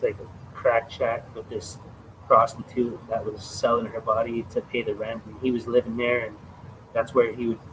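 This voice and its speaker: A man in his twenties talks straight to his livestream, rambling and emphatic and swearing freely. His voice sits at an ordinary middle pitch. A faint hiss of noise runs underneath. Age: 20s. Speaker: livestream host. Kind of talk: casual livestream storytelling.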